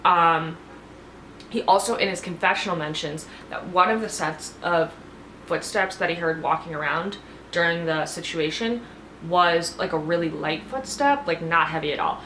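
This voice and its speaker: A woman's voice: lowish voice, moderate pace, a bit bright, a little hiss or hum. A woman giving a casual, chatty TV recap, gossipy and full of "like"s. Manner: gossipy, filler-heavy, many "like"s. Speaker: TV show reviewer. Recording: echoey room, faint ambience.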